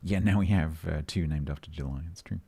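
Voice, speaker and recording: A man's voice: very deep voice, brisk, creaky, warm tone. A man streaming a game, chatting casually with his chat and reading update notes aloud, breaking off to joke and answer questions.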